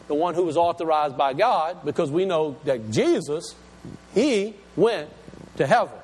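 Man preaching, high voice that swoops around a lot, slows right down on key words, echo like a big hall. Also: animated, darkish tone, husky. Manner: slows down to stress key words, asks the congregation questions. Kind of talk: sermon.

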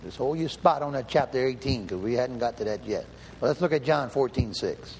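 A man preaches and reads scripture aloud with a medium-pitched, expressive, fairly quick voice that's a little mellow. He's emphatic, repeating and rephrasing himself and asking the room questions. There's hall reverb, faint ambience, and a little hiss or hum.

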